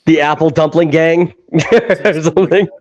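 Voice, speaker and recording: A man's voice: fairly high pitch, unhurried, a little mellow, muffled recording. A man co-hosting a casual podcast chat. He laughs a lot, swears freely and acts out movie scenes as he retells them. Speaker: podcast co-host.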